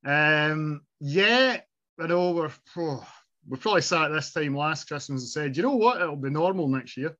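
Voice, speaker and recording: A man's voice: a little high, a little slow, bright, forceful tone, highs cut off. A middle-aged man hosting a casual nostalgic podcast chat, reminiscing and laughing often. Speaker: podcast host.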